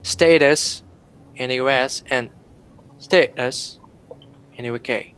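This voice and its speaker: A man teaching an online English class, slowly repeating words for students to practice. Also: mid-range voice, a bit bright, clear, resonant tone, low-quality recording.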